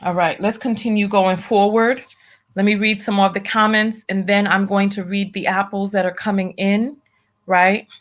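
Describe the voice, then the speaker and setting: Woman, livestream commentary host, blunt, emphatic, repeats herself for emphasis, mid-pitched voice. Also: flat delivery, normal speed. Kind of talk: livestream commentary, reading viewer donations.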